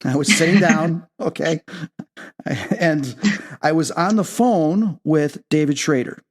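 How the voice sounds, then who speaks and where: A man hosting a paranormal talk show, telling a personal story in an animated way. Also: takes it slowly. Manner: excitable, leaps high when reenacting his own reactions. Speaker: podcast host.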